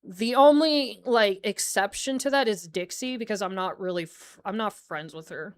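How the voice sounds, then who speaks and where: A woman's voice: mid-range voice, moderate pace. A young American woman chatting casually on a livestream as a VTuber, rambling with lots of fillers and frequent laughter. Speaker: VTuber streamer.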